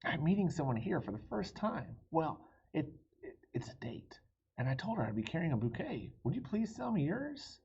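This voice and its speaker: A man's voice: a little high, sing-song, normal speed, gravelly, darkish tone, husky, muffled recording, voice pushed up, exaggerated voice. A man voicing a nervous young man before a first date in a storybook reading, speaking in a hesitant, pleading, stammering way.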